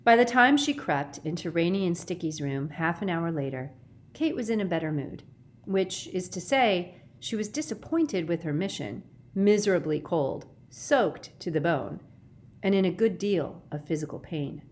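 A woman narrating a children's novel chapter, in an expressive storytelling manner. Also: on the low side, moderate pace. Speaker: audiobook narrator. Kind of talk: audiobook reading.

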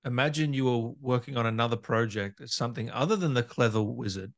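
A man's voice: medium pitch, fast talker, creaky. Enthusiastic male interview host. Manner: enthusiastic fan, reads out viewer questions. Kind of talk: casual interview chat.

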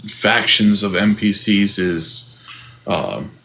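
A man's voice: fairly low pitch, slow, gravelly. Laid-back man chatting on a game podcast. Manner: relaxed, laughs often, many fillers. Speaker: game master and podcast co-host. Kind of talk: casual podcast chat about tabletop games.

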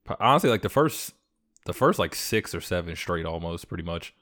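A man with a very deep voice talks easily among friends on a podcast. He stumbles over a word now and then and laughs readily. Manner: relaxed, stammers a little, quick to laugh. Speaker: podcast co-host. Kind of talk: casual chat.

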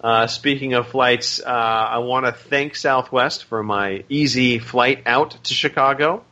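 Bright-voiced chatty male podcast host. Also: medium pitch, measured pace, highs cut off. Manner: chatty, rambling with fillers. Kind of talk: casual podcast chat.

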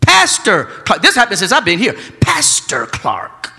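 A male pastor, preaching a sermon that swings from quiet, close talk to shouting. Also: high-pitched, big pitch swings, brisk, in a large hall.

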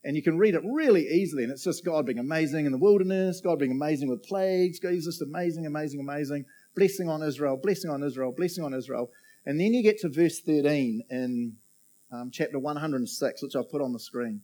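Chatty New pastor, mellow voice. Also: male voice, on the high side, fairly quick. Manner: chatty, jokey, laughs often, asks the room. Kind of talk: sermon. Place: church auditorium.

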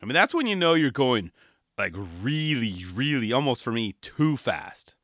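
Male podcast host, thirties, bright, animated, dry close sound. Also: mid-range voice, moderate pace, dry recording. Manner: enthusiastic, rambling, animated with quoted voices. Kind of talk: casual solo podcast talk.

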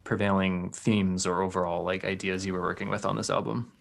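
A man's voice: low-pitched, flat delivery, a little fast, creaky. A man interviewing a musician in an easygoing, casual way.

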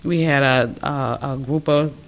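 An older man who runs a museum, telling stories in an animated, rambling way with many restarts during an interview. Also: mid-range voice, unhurried. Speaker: museum founder. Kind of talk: conversational interview.

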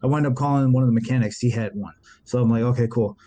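A man's voice: medium pitch, fairly even intonation, fast, mellow. A man guesting on a casual podcast, talking in a laid-back way with casual swearing.

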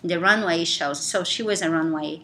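A woman with a foreign accent, a guest in a casual interview, talking with halting phrasing and frequent laughter. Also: sits low, fairly bright tone, slight background noise. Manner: laughs often, halting non-native phrasing.

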